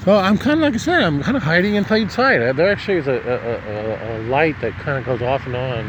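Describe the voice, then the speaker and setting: Out on a city street at night, a Nebraska vlogger who's been drinking delivers a rambling, profane monologue, chuckling along the way. He talks fast at medium pitch with lively intonation, and the background is noisy.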